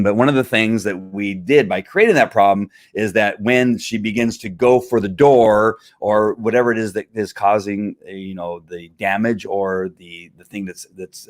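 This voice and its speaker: Guy with a lowish voice chatting about dog training, dry close sound, rambly. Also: no room sound. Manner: rambling, animated, acts out dogs. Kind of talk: casual Q&A talk.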